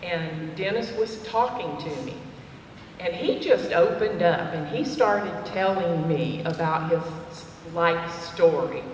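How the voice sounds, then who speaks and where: A woman telling a personal story to a women's dinner, slow and chatty with fillers. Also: on the low side, a little mellow, a little hiss or hum. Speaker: cafe owner speaking at a women's dinner. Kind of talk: personal testimony talk. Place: church fellowship hall. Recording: echoey hall, voice from far off.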